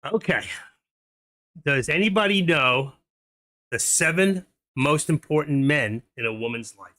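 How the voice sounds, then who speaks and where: A man's voice: on the high side, expressive, measured pace, pushed and bright. A middle-aged man hosting a live stream, chatting casually and telling jokes in a rambling way, laughing at his own punchlines.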